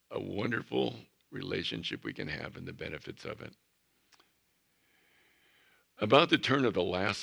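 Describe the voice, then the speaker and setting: Pastor guy preaching, deep voice with lots of gravel, earnest and emphatic. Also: a bit bright. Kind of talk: sermon.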